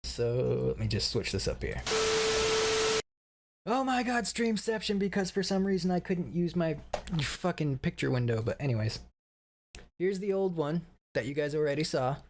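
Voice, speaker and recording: A man's voice: a little high, big pitch swings, moderate pace, a little mellow, a little hiss or hum. A man around thirty giving a casual, rambling stream update, swearing often and laughing at his own stories.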